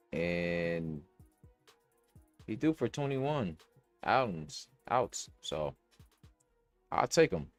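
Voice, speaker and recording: A young man with a lowish voice hosts a podcast, casually thinking out loud about sports bets, using slang and cursing. The recording is dry and close-miked, with no echo and faint music in the background.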